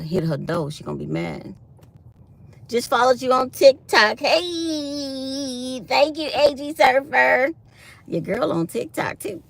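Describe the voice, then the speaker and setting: A woman's voice: sits high, very animated, takes it slowly, vocal fry, a bit bright. A woman chatting casually to her viewers, animatedly retelling her day. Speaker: vlogger.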